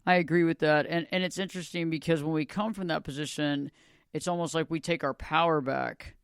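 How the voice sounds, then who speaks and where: A man's voice: a little high, fairly even intonation, brisk, gravelly, clean tone, no room sound, studio quality. A man hosting a podcast interview, affirming his guest and often repeating words as he starts his sentences. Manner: warmly affirming, repeats himself. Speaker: podcast host and coach. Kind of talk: casual interview chat.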